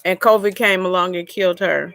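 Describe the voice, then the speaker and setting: A woman's voice: lowish voice, fairly even intonation, brisk, vocal fry, fairly bright tone. A woman hosting a casual live chat, telling a long personal story in a rambling way and greeting viewers by name.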